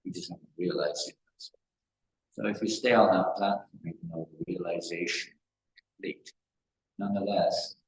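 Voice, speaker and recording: Deep-voiced man teaching in an echoey hall. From England. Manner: rambling storytelling with repeated phrases. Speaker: spiritual teacher. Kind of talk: devotional discourse. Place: temple hall. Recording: echoey hall with faint noise.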